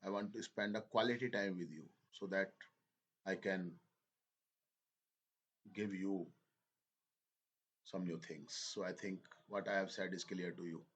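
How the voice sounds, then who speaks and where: A male teacher with a lowish voice speaks to his class. He talks slowly, halts and repeats phrases as he explains. He slips into now and then. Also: fairly even intonation, fairly bright tone, slightly rough. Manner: slow, halting, repeats phrases, switches into Hindi. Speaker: English teacher. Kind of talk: slow spoken lesson.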